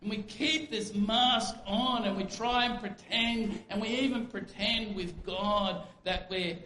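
A man's voice: high voice, steady tone, takes it slowly, sharp tone, a little hiss or hum. A man preaching a sermon as a pastor, conversational, asking rhetorical questions and acting out quoted speech. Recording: echoey room with faint ambience.

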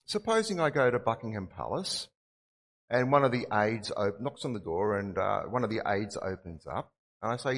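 A man's voice: lowish voice, expressive, normal speed, long reverb tail. A man preaching a sermon, earnest and repeating his key phrases for emphasis. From Australia.

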